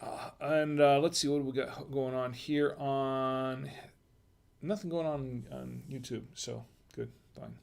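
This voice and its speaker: Gravelly man hosting a casual wine stream. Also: mid-range voice, fairly even intonation. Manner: rambling and halting, with self-deprecating humor. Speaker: live-stream host of a wine tasting show. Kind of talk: casual live-stream chat.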